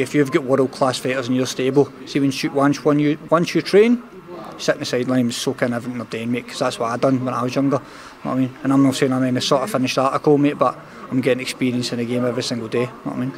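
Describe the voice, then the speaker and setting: Rapid-talking Glasgow-accented man. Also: medium pitch, fairly even intonation, crowd noise. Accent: Scottish, Glasgow. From Scotland. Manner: rapid, earnest, says "know what I mean" and "mate" constantly. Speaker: boxer, interview guest. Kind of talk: candid interview talk.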